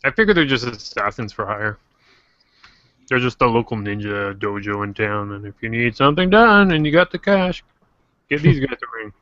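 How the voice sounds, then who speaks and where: A man hosting a casual livestream discussion, joking and animated. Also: mid-range voice, normal speed, no room sound, muffled recording. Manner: joking, animated, quotes characters in silly voices. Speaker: host.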